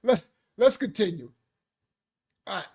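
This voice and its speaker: Fired-up preaching man, loud slang. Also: high-pitched, a little slow, husky. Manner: animated, loud, slangy and laughing. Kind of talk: fiery preaching rant.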